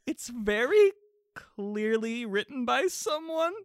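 A woman's voice: on the high side, expressive, slow pace, dry recording, studio quality. A woman co-hosting a comedic podcast, joking and riffing playfully with a friend. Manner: playful, riffs in silly put-on voices, swears. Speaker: podcast co-host. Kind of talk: casual comedic chat.

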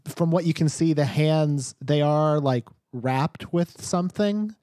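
A man's voice: a little high, measured pace, dark tone, no echo, clean studio sound. A man narrating a tabletop game as game master, loose and full of fillers and restarts.

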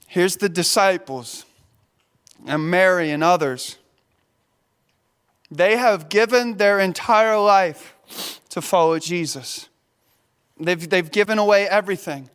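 A man's voice: sits high, slow pace, pauses often, fairly bright tone, clear, resonant tone. A man preaching a sermon as a pastor, impassioned, repeating words as he builds to emphasis. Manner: impassioned, repeats words, voices the disciples' despair.

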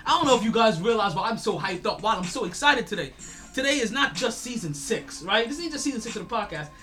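A man's voice: sits high, animated, quick pace, sharp tone, soft background music. A man hosting a sports podcast, ranting in a casual monologue with stammered repeats and frequent laughter. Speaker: podcast host.

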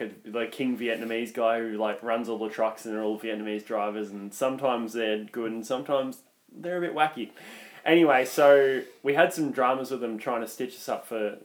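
A young Australian man, a podcast co-host, telling a rambling story in casual chat and laughing along. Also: mid-range voice. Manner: rambling, laughs through his own stories.

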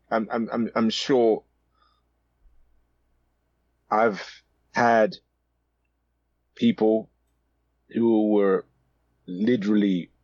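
A man co-hosting a podcast, speaking in a halting way and repeating words as he starts. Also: fairly low pitch, darkish tone, dry recording. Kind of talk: casual chat. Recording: dull lo-fi mic.

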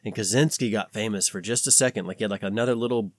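A man's voice: on the low side, fast, no echo. Rambling man with a dry close voice. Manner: rambling, filler-heavy, animated. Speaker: podcast co-host. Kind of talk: casual conversation.

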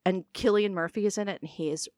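A woman telling a story in casual podcast chat, chatty and quick to laugh, trailing off with fillers. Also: mid-range voice, steady tone, a little mellow, dry recording, clean studio sound. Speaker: podcast co-host.

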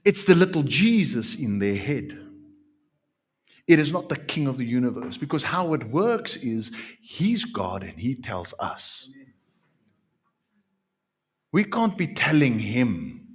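A male pastor preaching a sermon. His voice is slightly husky and he takes his time, lingering on words and repeating them for emphasis as he moves between hushed and forceful passages. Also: medium pitch, very animated. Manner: emphatic, drawn-out repetitions, swings from quiet to loud.

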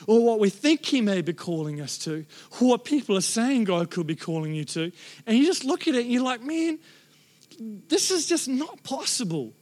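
High-voiced animated male preacher. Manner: animated storytelling, acting out his own prayers; casual, conversational preaching. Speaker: pastor. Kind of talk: sermon.

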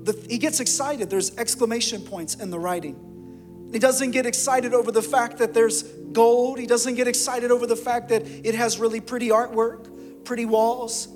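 High-voiced male pastor preaching in a reverberant hall. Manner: impassioned preaching, swinging from loud to hushed. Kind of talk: sermon. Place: church sanctuary. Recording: long hall reverb with music behind.

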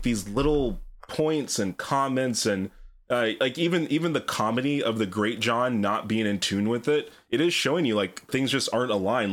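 A man's voice: on the low side, fairly bright tone. A man talking casually and ramblingly in a book discussion podcast, swearing freely. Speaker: podcast co-host.

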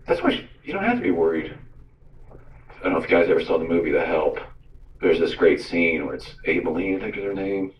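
A man who works as a radio host gives a teaching talk, telling stories and acting out the voices in his quotes. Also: sits low. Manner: storytelling, animated, acts out quotes. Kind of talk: sermon-style teaching talk. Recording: roomy, distant, dull sound.

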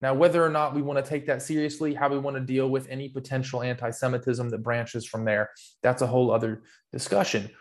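Co-host, male, mid-pitched: earnest long-winded explainer in casual discussion. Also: flat delivery, quick pace. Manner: earnest, rambling explanations with restarts. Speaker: podcast co-host.

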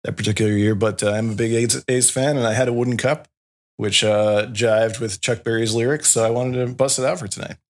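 A man's voice: medium pitch, steady tone, a little fast. A young man who is a podcast guest, chatting in a laid-back, rambling way. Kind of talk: casual podcast chat.

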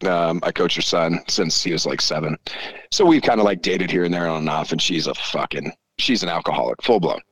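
A man in his forties, a podcast guest telling stories in casual chat, swearing freely and animated. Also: sits low, fairly quick, husky. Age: 40s. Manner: profane, animated storyteller.

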